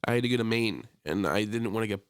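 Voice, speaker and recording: A young man co-hosting a podcast, telling a long story in casual chat, swearing freely and breaking into high voices when he quotes people. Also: expressive, fast, clear, resonant tone, no echo, clean studio sound. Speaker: podcast co-host. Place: small room, in person with co-host.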